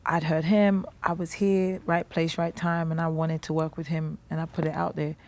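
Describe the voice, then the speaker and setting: A British woman in her thirties talks casually as a guest on an interview show. Her voice sits a little low. She turns lively and loud whenever she reacts to something. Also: normal speed. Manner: animated, exclaims loudly when amused or indignant. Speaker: guest singer and rapper.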